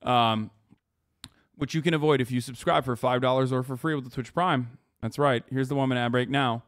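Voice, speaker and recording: A man's voice: mid-range voice, fairly even intonation, moderate pace, no echo. Sarcastic sweary guy streaming, dry close sound, talks blunt. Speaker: streamer host. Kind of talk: casual reaction-stream chat.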